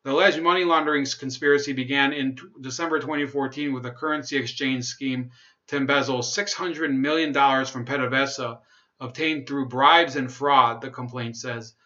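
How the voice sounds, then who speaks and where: A young man hosts a livestream, reading news aloud in a bright, tense voice. He drops into sarcastic remarks and reads out viewer comments. The sound is dull and lo-fi, like a home stream. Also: mid-range voice, steady tone, normal speed. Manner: sarcastic, laughs at own jokes, reads chat comments. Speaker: livestream host.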